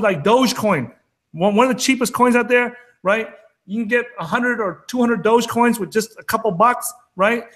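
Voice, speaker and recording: This man's voice sits high and sounds a bit bright. He co-hosts a crypto trading talk show, and in this casual chat he goes on an emphatic, fired-up rant.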